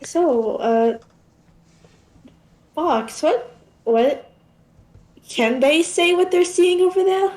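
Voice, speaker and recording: A woman's voice: extremely high pitch, lively intonation, extremely slow, pauses often, darkish tone. A woman playing her character in a tabletop game, pressing with repeated questions. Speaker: player. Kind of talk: in-character tabletop role-play. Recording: echoey room.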